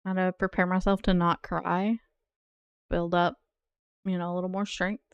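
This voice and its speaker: A woman's voice: lowish voice, little pitch movement, moderate pace, clean tone, no room sound, highs cut off. A woman game streamer chatting casually with her viewers in a playful, teasing way and laughing often. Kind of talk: casual live-stream chat.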